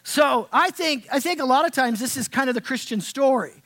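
A man with a notably high voice preaches to his congregation in a loose, conversational way. He drops almost to a whisper for tender moments and climbs to loud, excited emphasis for others. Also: a little fast. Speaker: pastor. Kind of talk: sermon. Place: church sanctuary.

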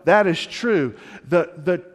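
A male pastor preaching a sermon, telling a story, sinking low and quiet for weight and rising for appeals. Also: expressive, slow. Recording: long hall reverb.

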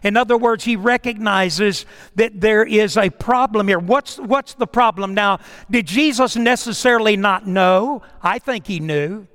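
A male pastor delivers a sermon in a notably high voice, full of rhetorical questions and repeated phrases. He swings from raised exhortation down to hushed, almost whispered lines. His voice rings through a church sanctuary with a long hall reverb. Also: a little slow, few pauses. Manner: preaching with rhetorical questions and repetition.

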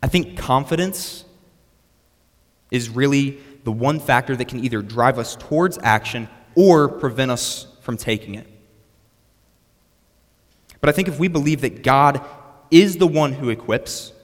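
A young man preaches a sermon centered on a personal story, speaking in a mid-range voice at a measured pace with long pauses. He tells it like a storyteller and often restarts his words. The hall gives the recording a long reverb.

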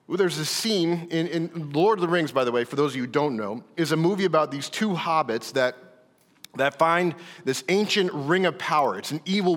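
A man's voice: fairly high pitch, fairly bright tone. A man preaching a sermon as pastor, earnest, stumbling over repeated words and building to emphatic lines. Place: church hall. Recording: reverberant church hall.

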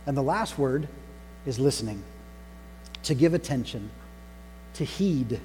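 A man delivering a sermon, pausing to stress single words with deliberate emphasis. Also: mid-range voice, lively intonation, dark tone. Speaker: pastor. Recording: long reverb hall with faint mains hum.

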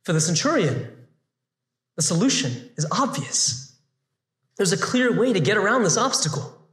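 A man teaching a scripted Bible lesson in an animated way, full of rhetorical questions. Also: high-pitched, moderate pace, echoey room.

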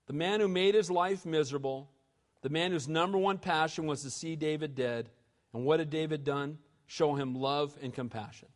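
A man preaching a sermon as pastor, emphatic and animated, calling out "amen?" to the congregation. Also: on the high side, long reverb tail. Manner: emphatic preaching, rising to loud bursts, asking "amen?".

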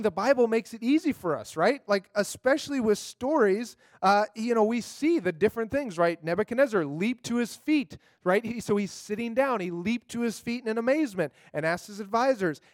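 A man's voice: sits high, fairly quick, few pauses, no echo. A man giving a casual, upbeat talk on memorizing scripture, chatty, with many fillers and tag questions.

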